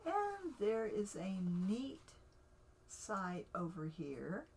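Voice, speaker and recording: A woman's voice: mid-range voice, very animated, very slow, a little mellow, a little hiss or hum, poor audio. A woman hosting a casual livestream tutorial, talking in a hesitant way with many fillers and restarts. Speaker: livestream host teaching language creation.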